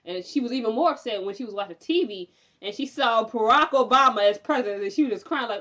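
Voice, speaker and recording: A young woman recapping a TV episode in a chatty, animated way, with lots of fillers and frequent laughter. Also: a little high, quick pace, lo-fi sound. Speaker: TV recap reviewer.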